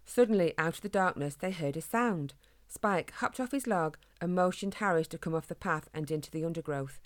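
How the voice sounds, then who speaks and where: A woman reads a children's storybook aloud, calm and gentle in her storytelling. Her voice is fairly low, and the sound is dry and close to the mic. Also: brisk, no echo. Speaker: narrator. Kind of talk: storybook reading.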